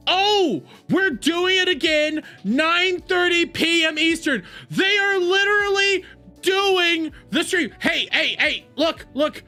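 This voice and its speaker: Woman livestream host, exasperated swearing rant, high lively voice, gravelly fry, faint music behind. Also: takes it slowly. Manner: exasperated, heavy swearing, animated. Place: home streaming room. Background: faint background music.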